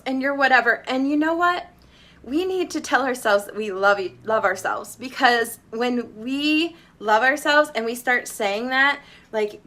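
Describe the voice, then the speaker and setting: A woman's voice: fairly high pitch, a bit bright. A mother giving an emotional personal testimony, earnest and close to tears. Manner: earnest, tearful, heartfelt. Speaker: mother and shapewear seller.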